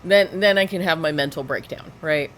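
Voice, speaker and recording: A woman's voice: low voice, normal speed, fairly bright tone, slight background noise. A woman giving sarcastic, lecturing reaction commentary over police footage.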